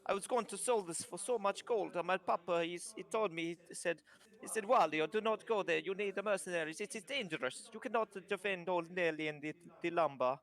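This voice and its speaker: A man's voice: sits high, expressive, brisk, pushed and bright, voice pushed up, exaggerated voice. A man, the game master, voicing a small anxious male kobold trader with a mock Italian-style accent, stammering and pleading. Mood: distressed.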